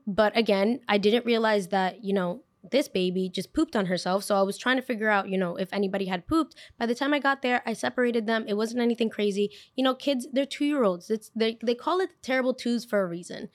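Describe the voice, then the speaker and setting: A young woman hosting a podcast, telling a story in a chatty, animated way with lots of filler words. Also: medium pitch, normal speed. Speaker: podcast host. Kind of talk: casual storytime.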